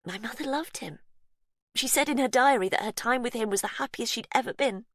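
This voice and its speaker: A woman's voice: fairly high pitch, fairly quick, no echo, voice pushed up. A woman voicing a cornered, vengeful woman, bitter and wounded, with a shaky confessional way of talking.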